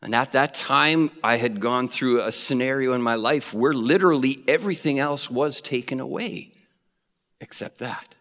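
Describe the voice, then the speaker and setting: Bright-voiced preacher in a ringing hall. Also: male voice, medium pitch, moderate pace. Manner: animated storytelling, acting out voices. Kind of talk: sermon. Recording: long reverb of a hall.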